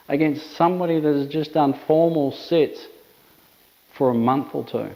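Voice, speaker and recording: A man's voice: on the high side, darkish tone, low-quality recording. A man, an emphatic dog trainer explaining methods with repetitive phrasing. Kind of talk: instructional talk to camera.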